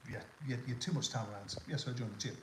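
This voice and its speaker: A middle-aged man chats loosely on a live stream, rambling and reacting to viewer comments in a voice of ordinary pitch. The room gives his voice a noticeable echo, with a faint ambient hum behind him. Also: very fast. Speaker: livestream host. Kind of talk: casual live-stream chat.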